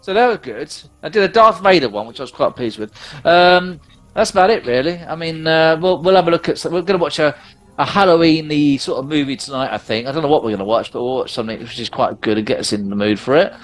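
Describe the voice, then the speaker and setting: A man's voice: on the high side, animated, fast, soft background music. A man hosting a podcast in casual chat, rambling and chatty, recorded at home. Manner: chatty, rambling, lots of fillers and restarts. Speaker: podcast host.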